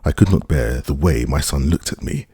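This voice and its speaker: A man's voice: rumbling low, animated, moderate pace, warm tone, breathy edge, no room sound, studio quality, full character voice. A man voicing a stiff, self-pitying grieving official with a thin voice and formal speech. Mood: strained.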